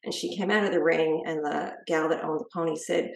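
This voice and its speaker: A middle-aged woman, a guest author, telling a personal story in a lively way and acting out what others said. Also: low voice, brisk, creaky, few pauses. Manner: lively storyteller who acts out quoted speech. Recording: echoey room.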